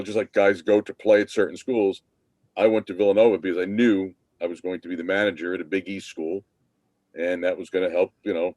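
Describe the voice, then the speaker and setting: Low-voiced man telling stories on a call. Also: darkish tone, dry recording, lo-fi sound. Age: 50s. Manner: rambling, many restarts and fillers. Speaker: podcast guest, former team manager. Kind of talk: casual interview storytelling. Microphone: video call.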